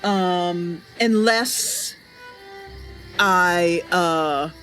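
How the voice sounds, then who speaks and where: A woman's voice: lowish voice, extremely slow, fairly bright tone, faint music behind. A woman chatting casually on a gameplay livestream, rambling with lots of fillers and answering chat messages. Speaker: streamer.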